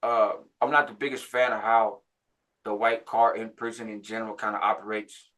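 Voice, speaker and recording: A man in his forties casually telling a story about his past, jumping higher in pitch when he acts out what others said. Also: moderate pace. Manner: animated, jumps higher when quoting others; laughs between phrases, frequent "right?". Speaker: channel host recounting prison life.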